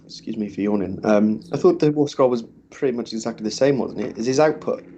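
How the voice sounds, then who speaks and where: Male co-commentator, thinks aloud haltingly, low and mellow. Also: slight background noise. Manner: thinking aloud, hesitant, repeats words. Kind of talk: live tabletop game commentary.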